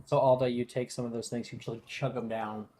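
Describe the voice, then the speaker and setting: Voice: mid-range voice, level tone, fairly quick, warm tone. A game master running a tabletop game and praising players casually.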